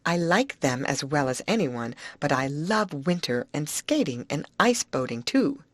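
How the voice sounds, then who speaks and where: A woman reading the lines of a quick-tempered, sharp-tongued teenage girl. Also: low voice, expressive, no echo. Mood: snappish. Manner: snappish, emphatic.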